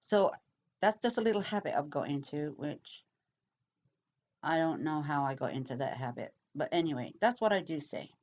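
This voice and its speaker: A middle-aged woman chatting casually as she answers comments, talking slowly and rambling with pauses and fillers. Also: deep voice, lively intonation, a little mellow, dull audio. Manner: slow, rambling, pausing, with many fillers. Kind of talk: casual chat.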